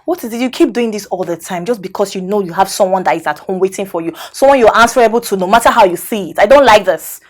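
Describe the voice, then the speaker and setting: A woman's voice: medium pitch, fast, hardly any pauses, a little mellow, no echo, close to an everyday voice. A woman playing a two-faced scheming friend. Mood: indignant. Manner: coaxing, ends lines with 'eh?'. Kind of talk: film drama acting.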